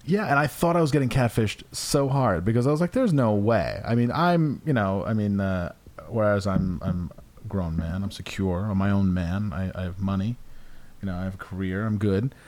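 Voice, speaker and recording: A man's voice: on the low side, moderate pace, darkish tone. A man in his thirties hosting a podcast, talking in a rambling, crude way full of fillers. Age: 30s. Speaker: podcast host. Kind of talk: casual chat. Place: room with a window open near a porch.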